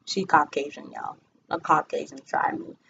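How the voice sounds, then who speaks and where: Animated young woman telling a story. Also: low voice, normal speed, vocal fry, muffled recording, slight background noise. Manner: animated, frequent fillers, voices others in quotes. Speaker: vlogger. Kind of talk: casual storytime vlog.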